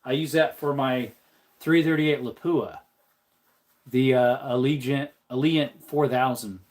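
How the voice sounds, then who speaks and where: A man's voice: fairly even intonation, measured pace, a little mellow. A man hosting a casual livestream, rambling in chatty talk and reading out viewer comments. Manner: jokey, slips into a silly high voice. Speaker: livestream host.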